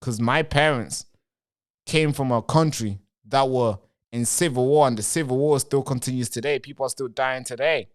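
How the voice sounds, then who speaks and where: A man's voice: medium pitch, normal speed. Male live-streamer, rambling commentary straight to viewers, answers chat. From Britain.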